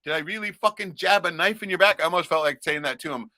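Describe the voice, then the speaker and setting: A middle-aged man ranting crudely and loudly on a casual livestream, a few beers in. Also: a little high, fast talker, dry recording, clean studio sound. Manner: profane, rowdy, loud ranting. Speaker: livestream host.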